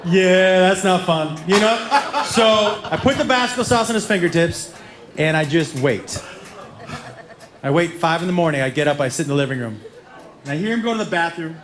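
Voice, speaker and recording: A middle-aged man doing stand-up, telling stories in an animated way, laughing and acting out quotes with loud yelps. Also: fairly high pitch, moderate pace. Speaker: stand-up comedian. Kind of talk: stand-up storytelling. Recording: echoey venue with background noise.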